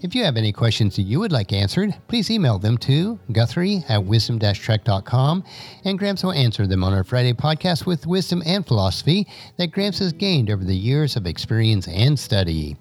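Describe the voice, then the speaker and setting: An older man hosting a scripted advice podcast in a measured, preachy manner. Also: medium pitch, sing-song. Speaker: podcast host.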